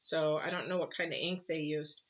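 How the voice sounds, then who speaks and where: A woman's voice: sits low, flat delivery, a little fast, slight background noise. A woman giving a casual spoken tarot reading, rambling through advice with many fillers. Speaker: tarot reader. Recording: dull lo-fi audio.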